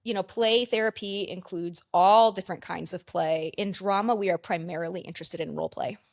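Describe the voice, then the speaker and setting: A woman's voice: lowish voice, fairly even intonation, a little fast, no echo, studio quality. A woman counselor and play therapist explaining ideas in a conversational interview, with frequent "like" fillers.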